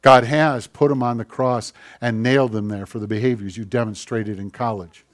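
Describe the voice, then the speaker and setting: Preacher swinging from loud to hushed. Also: male voice, mid-range voice, steady tone, moderate pace. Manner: swings from loud exclamations to hushed quiet lines; conversational, asks the congregation questions. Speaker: pastor. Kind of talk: sermon.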